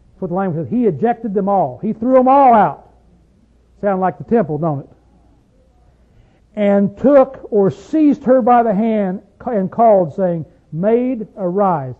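A man preaching a sermon, asking his listeners questions and swinging between loud stretches and hushed ones. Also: high voice, expressive, takes it slowly, long pauses. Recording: tinny phone-like sound.

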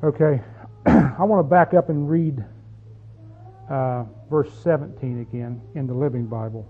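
A man's voice: mid-range voice, a little slow, breathy edge. A man preaching a sermon as pastor, folksy and conversational, often asking the congregation questions. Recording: tinny phone-like sound.

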